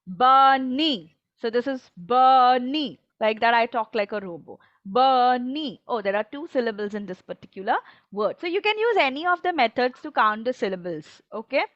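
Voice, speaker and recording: A woman's voice: a little high, animated, quick pace, dry recording, dull audio. A woman training teachers on a video call, patient and encouraging, often checking that everyone follows.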